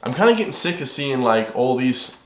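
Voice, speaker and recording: A man's voice: medium pitch, big pitch swings, a little fast, echoey room, slight background noise. A young Irish man hosting a reaction video, ranting heatedly with lots of fillers and repeated words. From Ireland. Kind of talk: casual ranting commentary.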